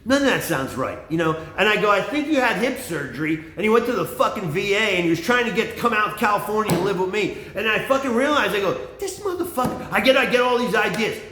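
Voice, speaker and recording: A man in his forties rambles through a profane comic monologue in a high, lively voice. He drops into low mumbles and jumps up to shouts, and the room around him rings with echo. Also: fast, few pauses.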